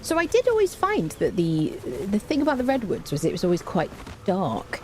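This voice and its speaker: Chatty and excitable, a woman playing a survival game on stream hums and sings little tunes between casual remarks to viewers, her voice quick to jump high. Slight background noise can be heard.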